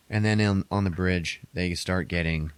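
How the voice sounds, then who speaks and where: A man's voice: sits low, clear, resonant tone, no room sound. A man casually recapping a movie on a podcast, rambling and profane, acting out characters' lines in a raised voice.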